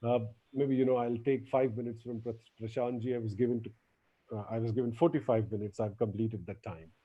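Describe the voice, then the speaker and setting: A man giving an academic lecture as guest lecturer, animated, often repeating his words and acting out quotes. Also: medium pitch, fairly quick, dull audio.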